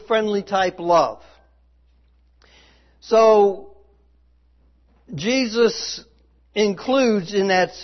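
A man preaching a sermon, earnest and emphatic, who voices the quoted dialogue with feeling. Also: high-pitched. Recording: slightly dull, lo-fi sound.

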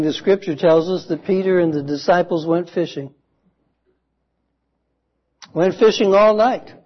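Slow, earnest preacher man, lo-fi. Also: high-pitched. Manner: slow, earnest storytelling with dramatic pauses. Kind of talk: sermon.

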